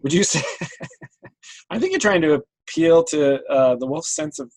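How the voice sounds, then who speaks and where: A man running a tabletop game as game master, thinking aloud and pausing on many ums as he talks. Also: on the high side, sing-song, darkish tone, rough recording.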